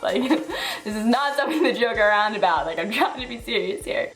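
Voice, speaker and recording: A woman's voice: fairly high pitch, very animated, brisk, fairly bright tone, faint music behind, low-quality recording. A woman in her twenties talks through a personal vlog, on the verge of tears, heavy on "like" and "um". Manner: heartfelt, filler-heavy talk with frequent "like" and "um". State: tearful, on the verge of crying. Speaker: fitness vlogger.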